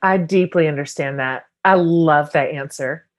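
A woman hosting a podcast, talking loosely and warmly, with plenty of "like" and quick agreement. Her voice sits on the lower side and the talk is relaxed and conversational. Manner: warm, enthusiastic, filler-heavy questions. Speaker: podcast host. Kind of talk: casual interview chat.

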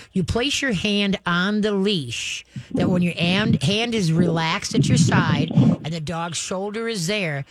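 On a call-in radio show, a woman dog trainer walks callers through leash handling step by step. She sometimes lowers her voice to a soft murmur to demonstrate calm commands to a dog, and the recording is dry and close with no echo.

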